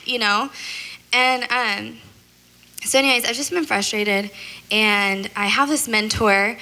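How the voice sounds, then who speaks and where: Chatty woman with a bright, clear voice, rambling through a casual faith talk. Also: mid-range voice, a little slow, poor audio. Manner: chatty, rambling, full of "like" and "you know"; processes out loud, talks a lot. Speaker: speaker sharing a faith testimony.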